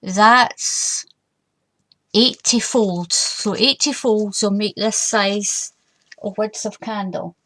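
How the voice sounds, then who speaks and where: A woman's voice: medium pitch, slow, a bit bright. An older woman, hosting a casual craft tutorial in a chatty way and repeating warnings with emphasis.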